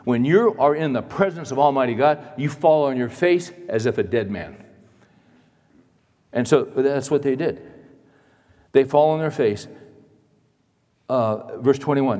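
A male pastor preaching a sermon in a church, dramatic, moving between loud emphasis and hushed asides. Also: medium pitch, animated, moderate pace, long pauses, long reverb tail.

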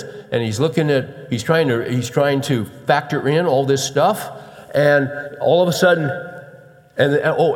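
A middle-aged man preaching a storytelling sermon as a pastor, swinging between loud bursts and hushed emphasis. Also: fairly high pitch. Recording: long reverb of a large hall.

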